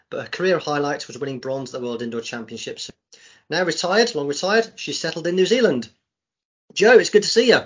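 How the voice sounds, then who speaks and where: A man hosts an interview podcast and asks easygoing, friendly questions. His voice is a little husky. The sound is dull and lo-fi. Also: a little high. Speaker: podcast host.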